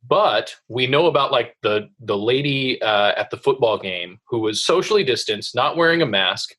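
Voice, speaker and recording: Husky man ranting in casual podcast chat. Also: mid-range voice, normal speed. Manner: animated, acts out quoted voices. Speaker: podcast co-host.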